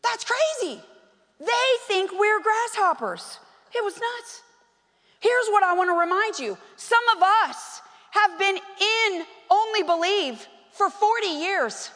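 Woman pastor, high voice, lively chatty sermon delivery, long hall echo. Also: slow pace. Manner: animated and conversational, questions the congregation. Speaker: preacher. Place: church hall.

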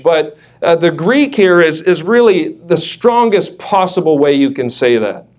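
Guy preaching a sermon, kinda high voice, repeats words for emphasis, cracks little jokes. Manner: emphatic, repeats words for stress, light joking asides. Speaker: pastor.

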